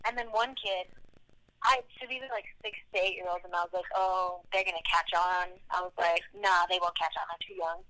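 Engaged woman guest, casual chat, bright voice, dry anecdotal delivery. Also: fairly low pitch, steady tone, a little fast, rough recording.

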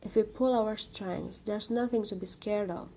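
A woman's voice: medium pitch, steady tone, moderate pace, mellow, a little hiss or hum, lightly acted. A woman voicing an earnest young male student pleading with his girlfriend, read in a storybook reading. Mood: insistent. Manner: pleading, insistent.

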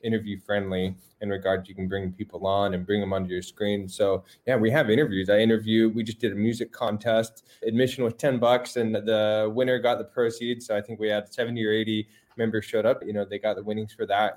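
A man, a mental health coach, chatting casually as a guest on a video call, relaxed and repeating words as he gets going. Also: on the low side. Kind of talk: casual interview chat.

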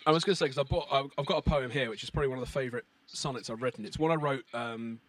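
A man's voice: mid-range voice, slight background noise. A man in his thirties, a beatboxer and English teacher, chatting casually on a podcast in a hesitant way with many restarts. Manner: hesitant, many restarts, reads poetry slowly and measured.

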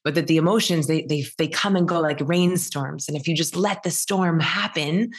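A woman in her thirties, a meditation teacher, talking casually as a podcast guest and acting out quoted dialogue in animated stories. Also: sits low, moderate pace, slightly rough. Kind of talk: casual interview conversation.

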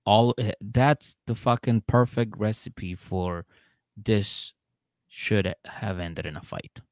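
A man with a fairly low voice, chatting casually on a podcast and hammering home his opinion about a reality show. The sound is dry and close, with no room echo. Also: slow pace, darkish tone. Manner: emphatic, repeats his point, jumps into acted lines. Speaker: podcast co-host.

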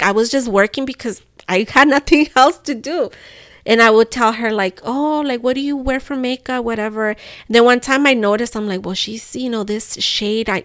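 A young woman, telling a story on a podcast in an animated, profane way and slipping into phrases. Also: fairly high pitch, no echo, clean studio sound. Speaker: podcast co-host. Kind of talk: casual storytelling chat.

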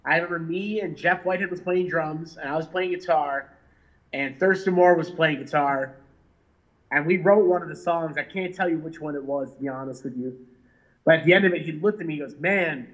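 Musician guest, male, high voice, laughs and swears through his stories, dull lo-fi line. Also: a little fast. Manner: animated, laughing, swearing, lots of "like" and "you know". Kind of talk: storytelling in a casual interview. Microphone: remote call mic.

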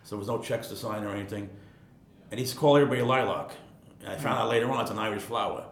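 A man's voice: very fast, vocal fry. A man around sixty from Queens, telling stories casually as an interview guest, rambling and repeating words. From Queens, New York. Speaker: guest, retired ironworker. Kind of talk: casual storytelling. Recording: echoey room, faint rumble.

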